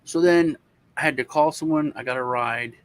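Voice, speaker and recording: Man telling a story, animated voices. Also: fairly high pitch, normal speed. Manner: animated, acts out the voices of people in his story; swears casually. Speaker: co-host. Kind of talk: casual storytelling.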